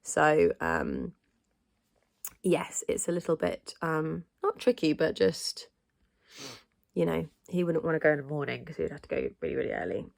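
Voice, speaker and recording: A woman's voice: low voice, big pitch swings, normal speed, creaky. A woman rambling in a casual vlog chat, stuffy-nosed from hay fever, with frequent ums and restarts. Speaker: vlogger.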